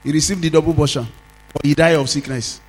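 High-voiced Nigerian pastor preaching. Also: male voice, fairly even intonation, rough recording. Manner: preaching with call-and-response, drawn-out sung phrases. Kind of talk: sermon.

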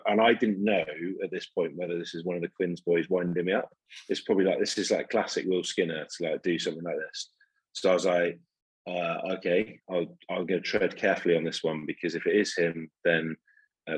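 A man's voice: sits low, fairly bright tone, breathy edge, no echo, poor audio. A man who owns a sausage business, telling a story in an interview with lots of ums and restarts. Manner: rambling, many ums and restarts.

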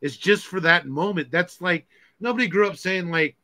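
A man co-hosting a casual podcast interview, laid-back and quick to laugh. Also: high voice, bright, forceful tone. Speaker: podcast co-host. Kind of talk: casual chat.

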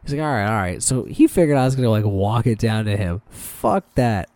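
A man's voice: fairly low pitch, brisk, few pauses, heavy background noise. A man co-hosting a podcast, telling work stories in a loose, swearing chat and acting out what people said. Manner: animated storytelling, swearing, quoting people. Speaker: podcast co-host. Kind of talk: casual chat.

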